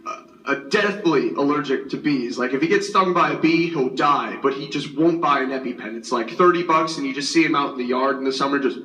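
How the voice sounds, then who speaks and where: A young man in his twenties doing a stand-up set at a school variety show, loose and self-deprecating, with plenty of "uh" and "like." His voice sits somewhat high. It is picked up from a distance in a roomy hall, with faint background hum. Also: fairly bright tone. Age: 20s. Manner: rambling, self-deprecating, many fillers. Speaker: student comedian. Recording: roomy hall, far from the mic.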